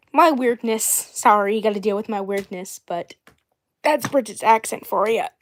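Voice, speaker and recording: A woman hosting a casual doll livestream, rambling and often clearing her throat. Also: on the high side, slow pace, long pauses. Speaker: doll channel host.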